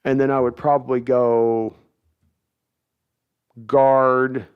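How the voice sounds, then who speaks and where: A man's voice: medium pitch, flat delivery, slow pace, smooth, narrow, tinny audio. A man hosting a casual sports livestream, chatty and full of restarts as he reads viewer messages aloud. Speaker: host.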